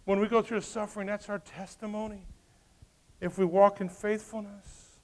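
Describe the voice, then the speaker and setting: A male pastor delivers a sermon with real animation, his voice sitting a little higher than most men's. He swings between loud, emphatic peaks and quiet, hushed asides, and he slips into the voices of the people in the story. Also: normal speed. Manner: animated, acts out voices of the characters.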